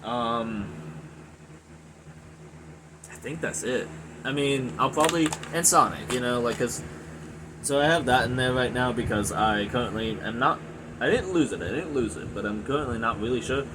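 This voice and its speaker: A frustrated young man in his twenties vents in a rambling, profanity-laced rant about his hobby. His pitch sits in an ordinary middle range. A steady background hum runs under his voice. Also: normal speed, pauses often. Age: 20s. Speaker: gaming video reviewer. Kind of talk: angry ranting monologue.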